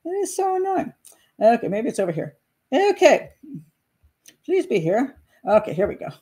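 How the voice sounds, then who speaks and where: A woman hosting a casual commentary show as a criminal profiler, rambling and self-deprecating, often pausing to search aloud for her notes. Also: medium pitch, a little mellow, husky.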